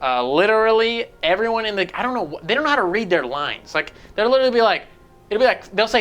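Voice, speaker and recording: A man's voice: sits high, very animated, quick pace, fairly bright tone, soft background music. Guy rambling through a game review, swears a lot, jumps around. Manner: rambling, profane, jumps between points. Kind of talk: casual video game review.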